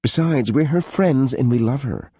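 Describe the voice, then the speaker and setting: A man voicing a caring, outspoken young woman friend in an audiobook, warm-hearted and indignant on her friend's behalf. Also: mid-range voice, normal speed, slightly rough, dry recording, studio quality, pitched above the performer's own voice. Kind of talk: audiobook character voice.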